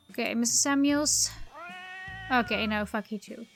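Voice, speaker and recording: A woman's voice: a little high, moderate pace, creaky, long pauses, soft background music. A woman doing let's play commentary, rambling and thinking aloud as she plays. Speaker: video game player.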